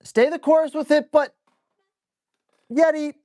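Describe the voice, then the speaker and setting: A blunt male dog trainer answering viewer questions live. He talks in an excitable, salty way and keeps jumping into quick acted-out asides. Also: very high-pitched. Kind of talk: live Q&A stream.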